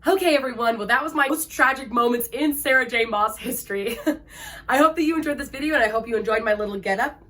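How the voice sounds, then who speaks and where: A woman's voice: on the high side, fast talker, pushed and bright. A woman hosting an emotional book-review vlog, gushing and dramatic, peppering her talk with "like". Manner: gushing and dramatic, heavy use of "like". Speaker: book vlogger host.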